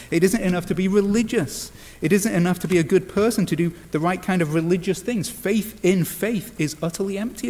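English male preacher, earnest with dry wry asides, slightly high voice, long church reverb. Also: a little mellow. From England. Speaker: pastor. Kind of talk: sermon.

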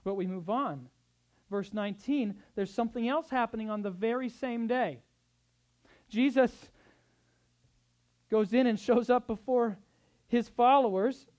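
A man preaching a sermon as pastor, swinging between soft, tender passages and loud, urgent exhortation, with conversational asides. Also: very high-pitched, unhurried, pauses often. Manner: acts out quoted speech in conversational asides.

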